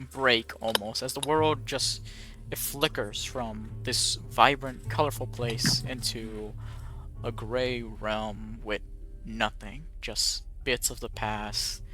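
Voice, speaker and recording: A man narrating as game master, describing scenes slowly and laughing often. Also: medium pitch, pushed and bright.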